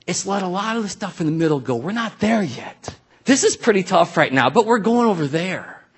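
A man's voice: high-pitched, animated, fairly quick, husky. A man preaching a sermon in a conversational, storytelling way, full of asides to the congregation. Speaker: pastor.

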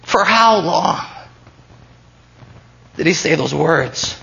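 A man's voice: a little high, animated, slow pace, gravelly, bright, forceful tone, muffled recording. A man preaching a sermon as pastor, earnest and emphatic, often repeating key phrases.

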